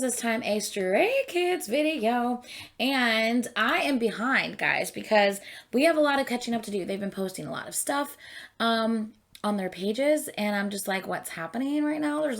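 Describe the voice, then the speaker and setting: A woman hosting a reaction video, chatting casually to her viewers in a rambling way, full of ums and likes. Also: on the high side. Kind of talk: casual chat to camera.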